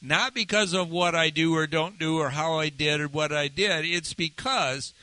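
At a moderate pace and with a sharp tone, a pastor gives a sermon in a conversational style, asking listeners frequent questions and using pitch swings for emphasis. The audio is poor, with no room sound.

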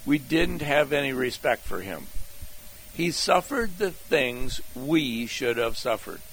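A man preaching slowly from a sermon outline and repeating key phrases, then reading scripture aloud. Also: medium pitch, sing-song, vocal fry, a bit bright, husky, rough recording. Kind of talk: slow scripture teaching from an outline.

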